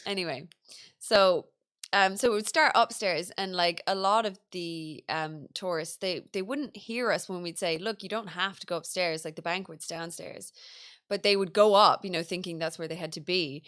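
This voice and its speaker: An Irish woman, a podcast co-host, telling a story in casual chat, animated and full of fillers. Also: lowish voice, normal speed, clear, resonant tone. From Ireland. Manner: animated, mimics tourists' voices, lots of fillers.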